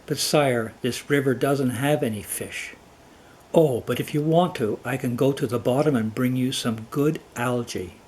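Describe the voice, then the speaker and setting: A man's voice: medium pitch, measured pace, darkish tone, a little hiss or hum, close to an everyday voice. A man voicing a sly, overly polite male crocodile in a cartoon folktale. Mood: fawning.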